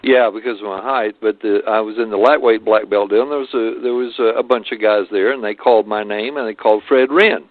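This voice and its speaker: A man's voice: on the low side, steady tone, fairly quick, few pauses, no echo. An older man recounting stories in an interview, talking in a rambling way with many hesitations and restarts. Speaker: martial arts guest. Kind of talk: storytelling interview. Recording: phone-like lo-fi line.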